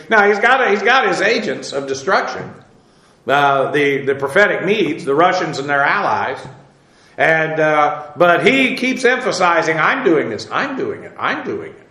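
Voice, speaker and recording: A man teaching the Bible verse by verse, halting with many "uh"s as he spells out Hebrew words, then pressing his points emphatically. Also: a little high, bright, forceful tone, roomy sound. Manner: emphatic, preacherly warnings.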